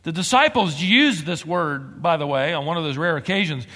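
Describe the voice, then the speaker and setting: Animated male preacher in a reverberant hall. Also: fairly high pitch, moderate pace. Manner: animated preaching, rising to excited emphasis. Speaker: pastor. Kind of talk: sermon.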